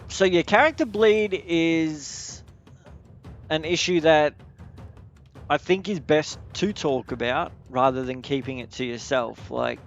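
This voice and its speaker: Rambling man with a gravelly voice. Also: on the high side, takes it slowly, lo-fi sound, faint music behind. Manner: rambling, repeats words, casual swearing. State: married. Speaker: podcast host. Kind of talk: casual podcast chat while playing a video game.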